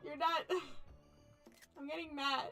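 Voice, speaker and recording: A young woman streamer reading an otome game aloud and chatting with viewers, animated, laughing often and playfully mock-angry. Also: high voice, very slow, soft background music. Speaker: VTuber streamer.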